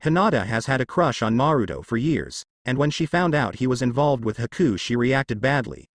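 A man's voice: mid-range voice, animated, moderate pace, no room sound, clean studio sound. A man voicing a weary old male village leader who sighs and explains, in a fan fiction reading. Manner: sighing, explaining.

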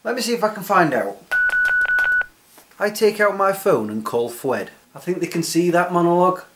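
A man delivering a deadpan, self-mocking comedy monologue to his viewers. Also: high-pitched, moderate pace, very noisy. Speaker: comedy vlogger.

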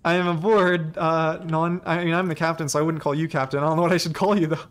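A man's voice: on the high side, level tone, fast talker, a bit bright, a little hiss or hum. A young man streaming a game live, chatting and rambling, shrieking and laughing when startled. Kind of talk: live gameplay commentary. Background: faint game music.

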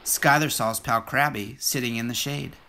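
A storyteller reading a children's picture book aloud in an expressive, sing-song way. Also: mid-range voice, moderate pace, a little hiss or hum.

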